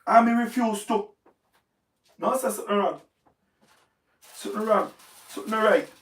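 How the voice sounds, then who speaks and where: A man with a Jamaican accent giving emphatic, repetitive political commentary on a livestream, his voice going hoarse. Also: high voice, normal speed, a bit bright. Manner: repetitive, emphatic, speaks in patois. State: hoarse, voice wearing out. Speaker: livestream host. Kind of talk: live-stream political commentary.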